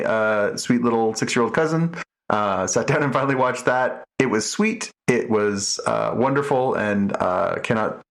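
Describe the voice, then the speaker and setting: A man's voice: medium pitch, a bit bright. A middle-aged man co-hosting a podcast in casual chat, rambling with many restarts and fillers. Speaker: podcast co-host.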